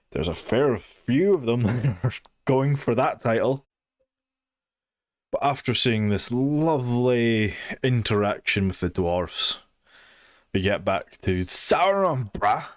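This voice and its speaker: Slow, low-voiced sarcastic man. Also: no echo, clean studio sound. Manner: blunt, sarcastic, swears freely. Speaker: TV show reviewer. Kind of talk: casual opinionated review.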